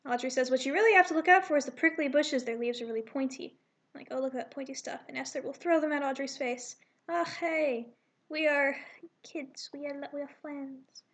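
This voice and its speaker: A woman with a high voice reads through her own comic draft, loosely acting out the characters' lines. She keeps stopping to correct herself and ramble about changes she plans to make. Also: a bit bright. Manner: rambling, self-correcting, with quick asides. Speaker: comic artist reading her draft aloud. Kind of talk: casual read-through of a comic, voicing characters.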